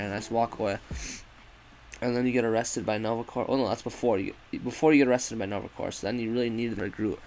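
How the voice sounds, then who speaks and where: A man's voice: medium pitch, fairly even intonation, fast talker, a little mellow, poor audio. A man giving a rambling, profane, casual review of a video game, often correcting himself.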